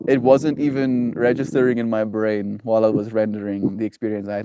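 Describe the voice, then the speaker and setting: During his daily livestream, a man casually chats and reads comments from viewers, lively and swinging into higher voices for acted reactions. His smooth voice moves fairly quickly with hardly any pauses, over a dry recording.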